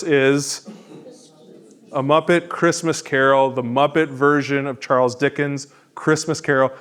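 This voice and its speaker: Conversational man teaching a church class. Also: medium pitch. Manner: conversational, self-deprecating. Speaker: pastor. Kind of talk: teaching an adult education class.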